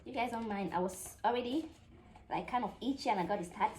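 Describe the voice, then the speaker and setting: A woman hosting an unboxing vlog, talking in excitable, gushing exclamations. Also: a little high, brisk, heavy background noise. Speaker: vlogger.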